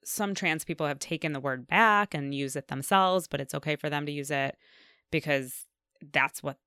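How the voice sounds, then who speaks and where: A woman with a very low, smooth voice leads a casual discussion and reads out the questions. She talks in an emphatic, animated way, and her voice is recorded dry and close. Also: normal speed, no room sound. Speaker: discussion host reading questions.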